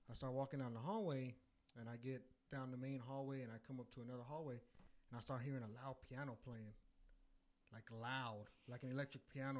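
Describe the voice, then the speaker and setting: Animated man telling a story. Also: mid-range voice, brisk, lo-fi sound. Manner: animated, swears a lot, builds suspense. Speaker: podcast co-host. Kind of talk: casual storytelling chat.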